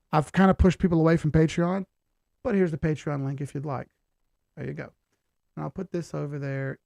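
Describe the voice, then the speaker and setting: A man's voice: a little high, creaky, warm tone, dry recording. A man hosting a casual livestream, chatting in a laid-back way with many fillers and reading out viewer questions.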